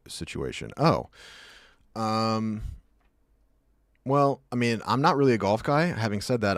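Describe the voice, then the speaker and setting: A man's voice: low-pitched, dry recording, studio quality. Rambling jokey male streamer. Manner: rambling, jokey, riffing asides. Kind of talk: casual chat.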